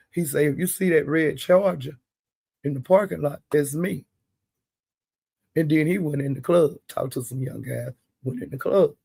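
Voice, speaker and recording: An older man on a live stream gives blunt, plain-spoken, profane commentary in casual chat. His voice is on the high side and mellow, with vocal fry and a breathy edge, recorded with no echo.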